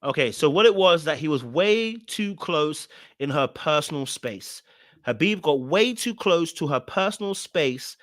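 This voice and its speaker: A man's voice: on the high side, expressive, unhurried, no echo, studio quality. Emphatic man hosting a reaction show. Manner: emphatic, blunt and repetitive, hammering points home. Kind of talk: reaction commentary on a reality show.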